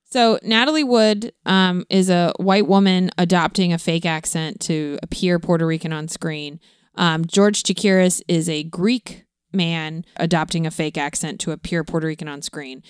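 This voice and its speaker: A middle-aged woman patiently explains background facts during a family film chat. Her voice sits a little low and sounds smooth and resonant. The recording is close and dry. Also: steady tone, normal speed, no echo. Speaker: co-host, parent. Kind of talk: casual film discussion.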